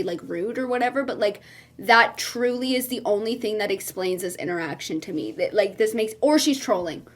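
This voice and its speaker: A woman with a high-pitched voice reacts to posts she reads aloud in casual commentary. She sounds animated and incredulous and laughs often. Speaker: streamer and content creator.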